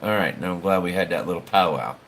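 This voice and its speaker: A man's voice: low voice, fast, a bit bright, slight background noise. A man hosting a livestream, chatting casually in a rambling, folksy way and swearing now and then. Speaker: livestream host.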